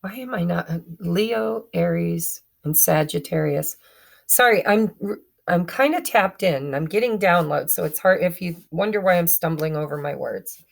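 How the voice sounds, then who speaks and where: A woman's voice: lowish voice, moderate pace, creaky. A woman giving a chatty tarot reading to her viewers, often stumbling and correcting herself as she goes. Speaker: tarot reader. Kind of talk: casual tarot reading to camera.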